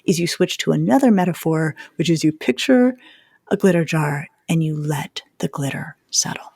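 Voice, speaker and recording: A middle-aged woman, a psychologist, explaining parenting advice in an animated chat full of metaphors, sometimes dropping to a near whisper. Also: low-pitched, normal speed, creaky, husky, dry recording, clean studio sound. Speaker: psychologist co-host of a parenting podcast.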